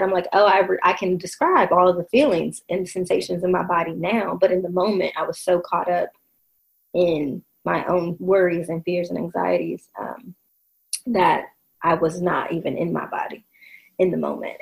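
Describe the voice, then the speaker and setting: A woman's voice: lowish voice, gravelly, poor audio. A woman telling a personal story in casual conversation, reflective, with many fillers and restarts.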